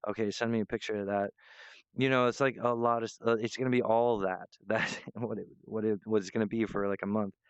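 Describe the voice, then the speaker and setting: Gravelly low-voiced man rambling to camera. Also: level tone, brisk, hardly any pauses, no room sound, muffled recording. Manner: meandering, restarts often, apologetic asides. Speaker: vlogger.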